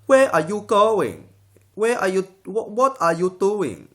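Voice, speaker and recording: A man putting on an exaggerated mock accent with clipped, broken grammar, drawn out slowly. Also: high-pitched, very animated, a bit bright, voice pushed up, full character voice.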